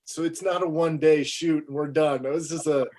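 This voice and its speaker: Man, filmmaker guest, higher-pitched, animated raconteur, self-deprecating. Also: moderate pace. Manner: animated, self-mocking, acts out dialogue. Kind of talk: storytelling in an interview.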